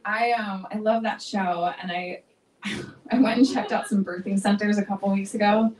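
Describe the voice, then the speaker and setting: A woman's voice: mid-range voice, fairly even intonation, moderate pace, darkish tone, recorded from a distance, slight background noise. Joking woman singer on stage, echoey. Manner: chatty, joking, self-mocking, laughs often. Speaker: singer-songwriter performing live. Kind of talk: stage banter between songs. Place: small live music venue. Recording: echoey room recording from afar.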